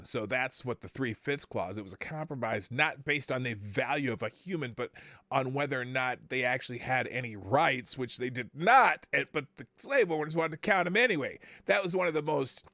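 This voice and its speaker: Animated, chatty male livestream host. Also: medium pitch, dry recording, clean studio sound. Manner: chatty, animated, reads comments aloud and reacts. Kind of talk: casual live-stream commentary.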